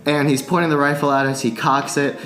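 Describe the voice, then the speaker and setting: A man's voice: on the high side, level tone, fairly quick, a bit bright, soft background music. A man telling a long story in a casual podcast chat, swearing freely and laughing often. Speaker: podcast guest, musician.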